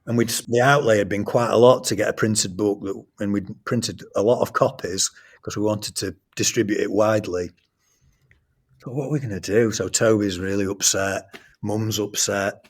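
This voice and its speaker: Earnest man, lowish voice. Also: normal speed. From England. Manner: earnest, animated anecdote telling with quoted dialogue. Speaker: guest, school trust academic leader. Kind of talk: storytelling in a podcast interview.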